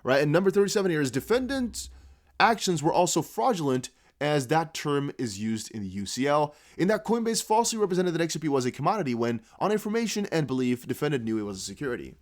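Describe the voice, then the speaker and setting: A young man whose first language is Dutch, hosting a casual crypto news video, reading posts aloud in a rambling, halting way with frequent restarts. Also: on the high side, very animated.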